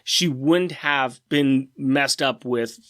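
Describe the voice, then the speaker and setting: A man's voice: medium pitch, slow, a bit bright. A man co-hosting a podcast, talking casually and teasingly about comic books. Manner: playful, teasing. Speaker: podcast co-host. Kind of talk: casual comic book chat.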